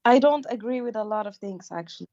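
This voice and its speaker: A woman's voice: fairly high pitch, expressive, quick pace. Hesitant woman on a dull call line. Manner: hesitant, evasive, soft-spoken. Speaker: guest on a call. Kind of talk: casual conversation. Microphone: video call.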